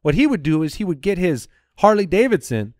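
A man's voice: sits high, brisk, dry recording, clean studio sound. A man in his thirties co-hosting a comedy podcast, telling stories in casual chat with jokey asides. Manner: animated storyteller, jokey asides.

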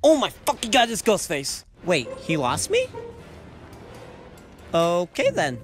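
A young gamer giving excited, profane commentary while playing, taunting the opponent. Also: medium pitch, slow pace, music in the background. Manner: excitable, swears a lot, taunts the enemy. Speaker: gamer doing live commentary. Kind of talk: casual gameplay commentary.

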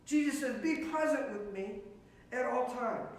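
A male pastor delivers an earnest sermon at an unhurried pace, leaning into repeated phrases. His voice sits high, and it rings through a very echoey space, picked up from some distance off the mic. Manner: earnest, emphatic repetition.

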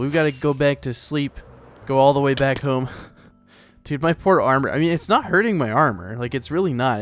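A man's voice: mid-range voice, no echo. A man hosting a let's play, chatting casually and rambling as he plays, often talking to the animals in the game. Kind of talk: casual gameplay commentary.

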